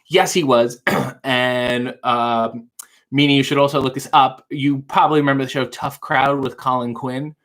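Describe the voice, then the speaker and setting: A man's voice: medium pitch, fairly even intonation, normal speed, a bit bright. A man hosting a casual late-night livestream, answering viewer chat with dry, wry quips. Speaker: livestream talk show host reading viewer chat.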